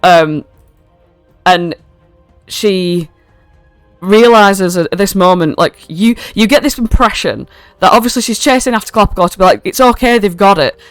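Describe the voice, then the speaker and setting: A woman narrates a tabletop game as game master in a loose, chatty way, swearing and stopping for fillers. Her voice is smooth and clear. The mic is close and dry. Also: medium pitch, measured pace, no room sound, soft background music. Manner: casual and swearing, with many fillers. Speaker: dungeon master.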